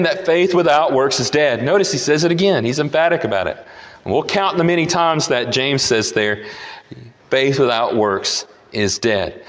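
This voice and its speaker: A man preaching with emphasis, repeating his key phrases and swinging his voice up and down as he works through scripture. His voice sits somewhat high for a man. A long reverb trails behind every word. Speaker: pastor. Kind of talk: sermon.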